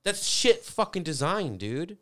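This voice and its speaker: A man's voice: a little high, measured pace, no echo, clean studio sound. A man in casual chat, telling a story animatedly, swearing often and acting out the people in it. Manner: animated storyteller, swears a lot, acts out voices.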